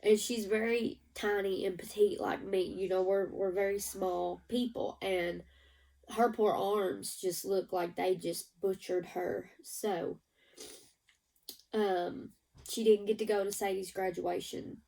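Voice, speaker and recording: A woman's voice: medium pitch, steady tone, slow pace, gravelly, dark tone, distant mic, poor audio. A woman giving a rambling, emotional personal update to her viewers. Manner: emotional, rambling, teary at times. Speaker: vlogger.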